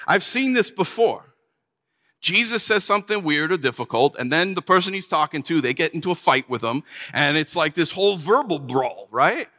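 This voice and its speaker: A man delivering a dramatic first-person sermon, telling the story in an animated, exclamatory way. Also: fairly high pitch, moderate pace, long reverb tail. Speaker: preacher.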